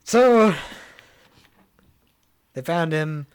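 Animated man on a comedy podcast. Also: fairly high pitch, very slow, clear, resonant tone. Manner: animated, playful storytelling. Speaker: podcast host. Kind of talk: casual comedy podcast chat.

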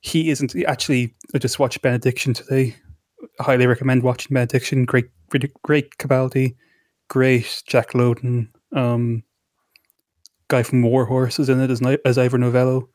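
A man's voice: medium pitch, level tone, normal speed, darkish tone, no echo, clean studio sound. A man co-hosting a casual fan chat podcast, rambling and hesitant, with many ums and restarts. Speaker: podcast co-host.

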